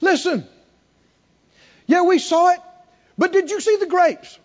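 A man voicing a bold older male believer who rallies a frightened crowd with excited, emphatic calls. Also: very high voice, very slow, vocal fry, big-room sound, pitched above the performer's own voice, heavily acted. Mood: rousing. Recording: dull lo-fi recording.

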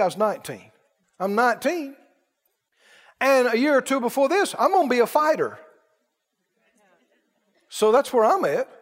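A man preaching a sermon, telling animated stories and laughing at his own jokes. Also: very high voice, long reverb tail.

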